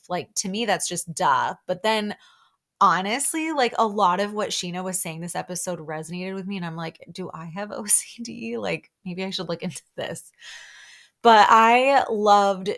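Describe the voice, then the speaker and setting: A woman's voice: fairly low pitch, a bit bright. A young woman hosting a podcast, chatting casually and gushing as she recaps a reality show, full of "like" and little laughs. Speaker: podcast host.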